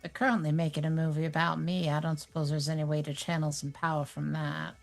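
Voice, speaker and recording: Genteel winged summoner, played by a woman, polite, formal, lowish voice, gravelly texture. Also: level tone, quick pace, faint music behind.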